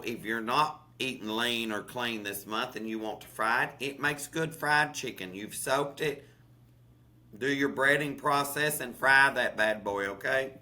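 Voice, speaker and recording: A man's voice: medium pitch, pushed and bright. A man with a Southern US accent, a chef co-hosting a podcast, chatting casually and folksily about recipes, often saying "honey" and "okay?". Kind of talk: casual cooking chat.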